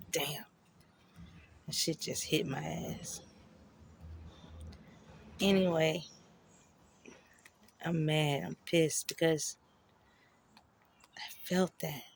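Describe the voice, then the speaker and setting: A woman's voice: deep voice, vocal fry, a little hiss or hum. A woman telling a personal story in a raw, profane, emotional way, with slangy, conversational speech.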